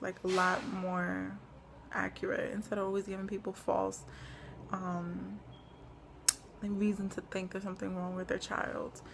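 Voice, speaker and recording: A young woman talks through a casual home vlog at a middle pitch, her voice a little gravelly. She rambles with plenty of fillers and sounds short of breath, over a faint hiss of background noise. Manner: rambling, lots of "like" and "um". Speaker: pregnancy vlogger. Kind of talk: casual chat.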